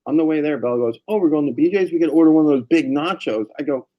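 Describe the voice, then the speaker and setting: A man chatting casually on a family vlog, telling animated stories with casual swearing. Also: fairly high pitch, quick pace, muffled recording. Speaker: vlogger, family channel dad. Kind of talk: casual chat.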